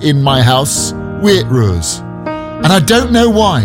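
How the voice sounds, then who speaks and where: A man's voice: a little high, sing-song, a little slow, music in the background. A male radio presenter doing breezy, playful chat between songs on a morning show.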